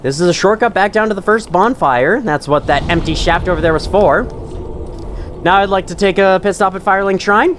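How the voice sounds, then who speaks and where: A man's voice: sits high, brisk, noisy background. A man hosting a gaming channel, giving rambling, self-mocking let's-play commentary and chuckling to himself as he plays.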